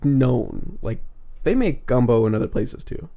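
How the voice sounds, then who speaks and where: A man's voice: medium pitch, very animated, measured pace, creaky, mellow. Playful laughing podcast man. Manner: laughing, playful, self-deprecating. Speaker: podcast co-host. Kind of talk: casual chat.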